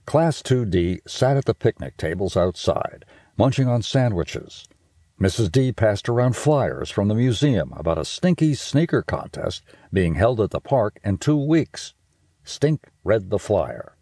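Warm, husky male storyteller. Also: fairly low pitch, measured pace, no room sound, clean studio sound. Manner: playful and expressive. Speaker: audiobook narrator. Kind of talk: children's audiobook narration.

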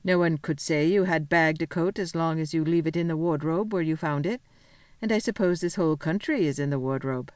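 A woman reading aloud, voicing an earnest, bossy older schoolboy in a brisk, emphatic way. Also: low voice, a little mellow, dry recording, natural voice.

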